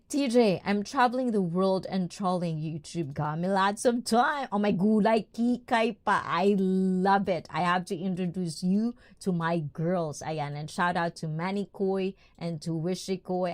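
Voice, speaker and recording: A woman's voice: fairly low pitch, a little mellow. Giggly bubbly woman, livestream host. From Filipina-Japanese. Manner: bubbly, giggly, mixes in Tagalog and Japanese words. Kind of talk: casual livestream chat reading the chat.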